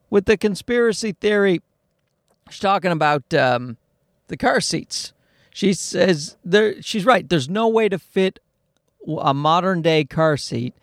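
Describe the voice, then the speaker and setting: A man's voice: a little high, no room sound, clean studio sound. A man in his thirties hosting a podcast, rambling profanely and doing jokey voices for the people he quotes. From Canada. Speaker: podcast host. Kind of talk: casual comedic monologue. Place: small car-based home studio with air conditioning.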